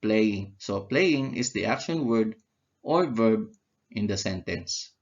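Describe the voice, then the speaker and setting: A man's voice: fairly low pitch, lively intonation, slow pace, muffled recording. A man teaching an English grammar lesson, who asks questions and answers them himself and repeats key words. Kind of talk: slow, deliberate grammar lesson.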